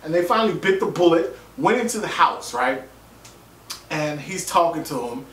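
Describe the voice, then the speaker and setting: A man's voice: fairly high pitch, normal speed. A man giving a casual, joking, profane recap of a TV episode and acting out what people said. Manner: animated, joking, profane, acts out quotes. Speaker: vlogger reviewing a TV episode. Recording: roomy, distant mic, faint ambience.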